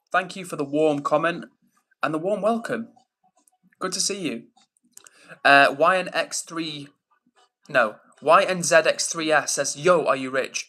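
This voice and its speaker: A man's voice: fairly high pitch, sharp tone. A young Englishman hosting a live stream, reading out viewer comments and greeting each person by name in a friendly, casual way. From England.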